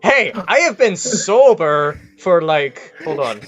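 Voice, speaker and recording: Man co-host, casual chat, jokey and rambling, animated pitch, fairly high voice. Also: takes it slowly, faint music behind.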